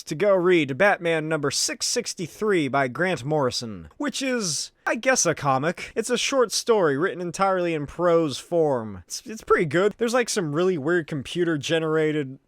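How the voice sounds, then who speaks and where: A man's voice: fairly high pitch, a bit bright, no room sound, clean studio sound. Jokey man recapping a comic. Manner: jokey, sarcastic asides. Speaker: comic book reviewer.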